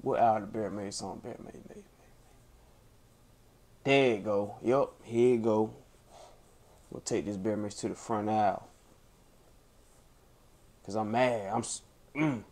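A man playing a fuming guy rushing off to buy bear spray. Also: fairly low pitch, steady tone, darkish tone. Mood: mock fuming. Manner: fuming, theatrical sighs and groans.

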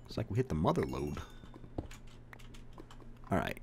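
A young man commentating his survival game, swearing often, talking to the monsters and bursting into loud outbursts. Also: very deep voice, unhurried, vocal fry, music in the background. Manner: swears a lot, animated outbursts, talks to game mobs. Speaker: gaming video creator. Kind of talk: let's play commentary.

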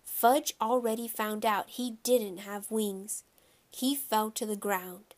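Slow, measured woman storyteller. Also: medium pitch, fairly even intonation. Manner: measured, storytelling first-person reading. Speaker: audiobook narrator. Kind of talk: children's audiobook narration.

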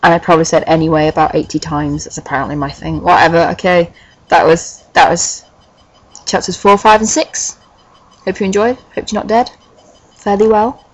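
A woman doing a comic dramatic reading of a fan fiction, breaking off for sarcastic, deadpan asides with swearing. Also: on the low side, a little fast, low-quality recording. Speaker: reader and commentator of a fan fiction.

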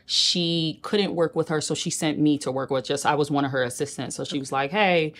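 A woman with a notably deep, low voice speaks as a guest in a casual interview. She is from Queens and tells her stories with lots of animation, jumping into other people's voices as she goes. Her delivery is conversational and expressive. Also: fairly quick. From New York (Queens). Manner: animated storyteller who acts out quoted people. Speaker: celebrity stylist, guest.

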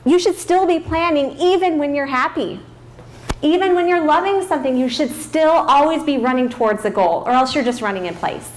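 A woman's voice: high-pitched, brisk. Upbeat woman coaching an audience. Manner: upbeat, direct, teasing the audience. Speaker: career coach. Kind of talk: presentation to an audience.

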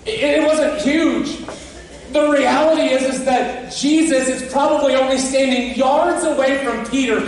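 A man's voice: very high voice, measured pace. A man preaching an Easter sermon as pastor, conversational and often checking in with the congregation. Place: church sanctuary. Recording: very echoey church from a distant mic.

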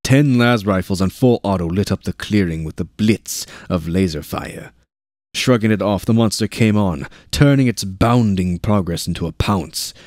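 Deep-voiced man narrating a war novel. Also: moderate pace, no echo, studio quality. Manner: steady narration with shouted dialogue lines. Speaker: audiobook narrator. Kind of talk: reading a war novel aloud.

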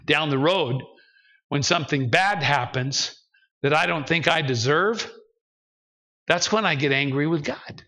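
A man's voice: on the high side, a little slow, long pauses, pushed and bright, poor audio. A man preaching a sermon as pastor in a church, emphatic and acting out the voices of the believers he describes. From United States. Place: church sanctuary.

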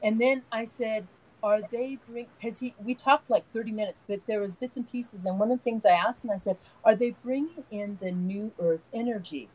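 A woman's voice: on the high side, moderate pace, highs cut off. An older woman, an energy healer, talking in a rambling, earnest way as an interview guest, telling long stories. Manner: rambling, storytelling, soft and earnest. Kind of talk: casual spiritual interview talk.

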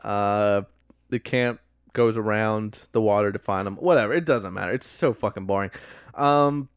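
A man's voice: lowish voice, normal speed, smooth, no echo, studio quality. A man co-hosting a podcast, recapping a movie in casual, sarcastic, profane chat. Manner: sarcastic, profane, laughing at his own jokes. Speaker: podcast co-host.

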